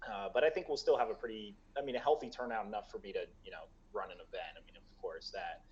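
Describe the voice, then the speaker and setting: A man's voice: fairly low pitch, quick pace, muffled recording, a little hiss or hum. An American man chatting as a guest about the event he organizes, with many fillers and restarts. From United States. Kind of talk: casual chat. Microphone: video call.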